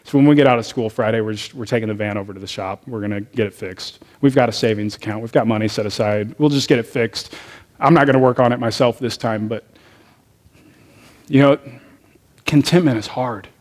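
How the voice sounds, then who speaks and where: A man's voice: medium pitch, brisk, a little mellow. A man, a pastor, preaching a sermon and telling personal stories in a conversational way. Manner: conversational storytelling, personal anecdotes.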